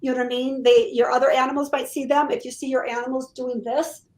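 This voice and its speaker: A middle-aged woman, a psychic medium guest, telling her stories in an animated, casual way and acting out the quotes. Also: sits high, quick pace, poor audio. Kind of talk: casual storytelling in an interview.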